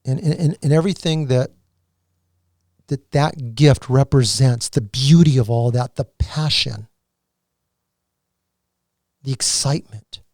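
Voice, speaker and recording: Slow, earnest man sharing testimony. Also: mid-range voice, darkish tone, no room sound, clean studio sound. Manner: earnest and halting, with many restarts. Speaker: podcast guest. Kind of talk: emotional personal testimony.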